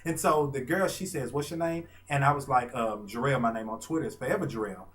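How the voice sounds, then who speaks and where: A man, telling a story in a casual, gushing way with dramatic pauses. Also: medium pitch, a bit bright. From Arkansas. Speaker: vlogger and fan.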